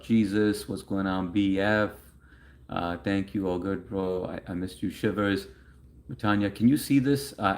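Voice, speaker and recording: A man with a notably deep, low-pitched voice hosts a casual livestream. He chats loosely and rambles, reading viewers' messages aloud and answering them as he goes. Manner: rambling, chatty, reads chat messages aloud. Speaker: livestream host answering chat.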